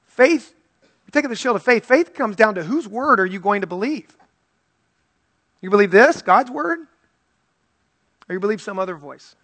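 A man's voice: sits high, lively intonation, moderate pace, long pauses, a bit bright, no echo. A male pastor preaching an earnest, conversational sermon and reading scripture aloud.

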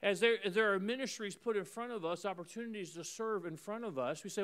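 Male pastor, high and resonant, preaching with emphatic repeated phrases and sudden drops to a hush. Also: fast, clear, resonant tone. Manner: emphatic preaching with swings between loud and hushed; repeats phrases in rhythmic runs. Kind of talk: sermon.

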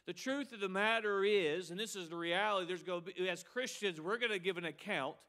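A man's voice: high voice, fairly quick, bright, forceful tone. A middle-aged male pastor preaching a sermon with emphasis, repeating a refrain and mocking excuses.

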